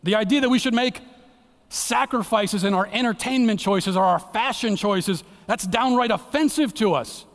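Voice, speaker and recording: Earnest preacher with a reverberant church sound. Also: male voice, moderate pace. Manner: earnest, dramatic, drops to a hushed low voice for emphasis. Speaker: guest speaker at church. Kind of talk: sermon. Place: church sanctuary. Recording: long church hall reverb.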